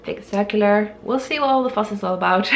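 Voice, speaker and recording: Lady guest on a podcast, bit of vocal fry, laughs at herself, trips on english words. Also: mid-range voice, a little fast, a little hiss or hum. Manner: giggly, self-deprecating, stumbles over English words. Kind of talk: casual chat, showing a yarn haul.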